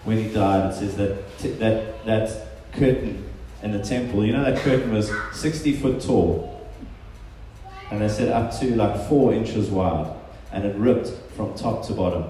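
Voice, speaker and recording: Earnest low-voiced male preacher, echoey room. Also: normal speed, dark tone, slight background noise. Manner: earnest, emphatic, with spoken quotations. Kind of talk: sermon.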